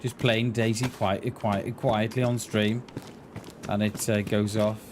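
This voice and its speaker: A man's voice: on the low side, flat delivery, slow. A man streaming a game, chatting casually in a rambling, hesitant way and often repeating his words. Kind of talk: casual live-stream chat. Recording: game noise behind the voice.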